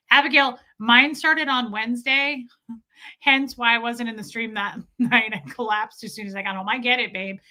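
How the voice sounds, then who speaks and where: Bright, lively woman streamer. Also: a little high, normal speed. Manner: animated, acts out quotes with laughs. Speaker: livestreamer. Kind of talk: casual storytelling chat.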